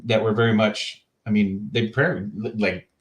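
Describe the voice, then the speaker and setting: A man's voice: on the low side, steady tone, a little slow, echoey room. Loose, cursing man on a podcast. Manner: loose and profane, searching for words. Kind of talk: casual podcast chat.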